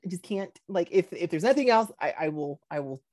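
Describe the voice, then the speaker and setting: Dry-voiced, animated podcast co-host man. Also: high voice, fairly quick, no room sound. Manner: animated storyteller acting out quotes, laughs often. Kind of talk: casual chat.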